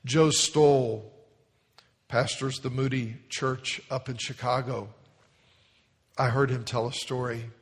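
A male pastor preaching a sermon, telling stories with animated emphasis. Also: mid-range voice, slow pace, long pauses, slightly rough. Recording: long hall reverb.

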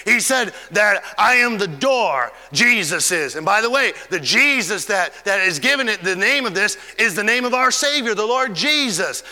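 A man preaching a fervent sermon, stretching key words and swinging between loud and soft. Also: sits high, expressive, normal speed, few pauses, in a large hall.

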